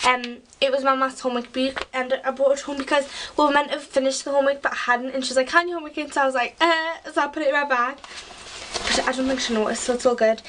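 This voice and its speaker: A high, youthful voice from a teenage girl, chatting casually to camera. She rambles, piling up fillers and half-finished thoughts. A faint hiss sits under the home recording. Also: little pitch movement, fast, far from the mic. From England. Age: teens. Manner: chatty and rambling, full of "like" and "sort of". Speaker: vlogger. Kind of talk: casual chat.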